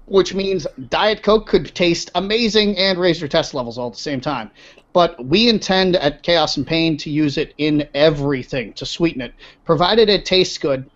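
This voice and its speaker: A man's voice: a little high, moderate pace, a bit bright. A man hosting a casual podcast, blunt, opinionated and profane. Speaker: podcast host. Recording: dull lo-fi sound.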